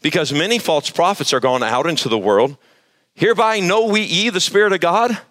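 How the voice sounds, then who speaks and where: Higher-voiced preacher man. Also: lively intonation, brisk, a bit bright. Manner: emphatic preaching, quizzing the congregation for answers. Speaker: pastor. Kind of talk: sermon. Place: church service, live congregation.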